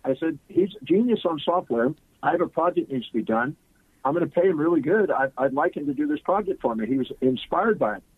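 A man's voice: a little high, fast talker. Man telling a story on a tinny line. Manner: animated anecdotal storyteller, acts out quotes. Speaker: guest speaker. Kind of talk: storytelling in an interview. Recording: husky voice on a tinny phone-like line.

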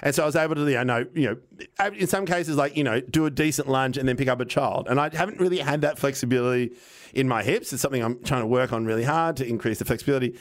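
A man, telling a casual, animated anecdote on a podcast, acting out what people said and swearing now and then. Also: mid-range voice, fast. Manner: animated, rambling anecdote with acted-out quotes and swearing. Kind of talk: casual storytelling chat.

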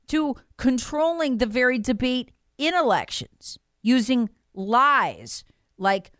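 A woman's voice: high-pitched, big pitch swings, takes it slowly, a bit bright, clean tone, no echo, clean studio sound. A woman giving emphatic, indignant political commentary on a talk show, mocking the officials she quotes.

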